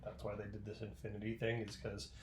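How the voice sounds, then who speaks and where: A man with a sore throat and a cough drop in his mouth, chatting his way through a coding puzzle, reading the text aloud and thinking out loud. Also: lowish voice, monotone, brisk. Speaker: coding tutorial host. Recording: echoey room, faint background noise.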